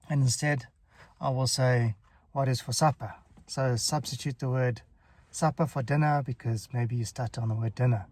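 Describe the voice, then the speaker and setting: Man with a stutter, friendly advice talk, easy chuckles, dry close sound, mid pitch. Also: no room sound. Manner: relaxed, chuckles often, stutters now and then. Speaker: stuttering coach. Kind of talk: casual advice talk to camera.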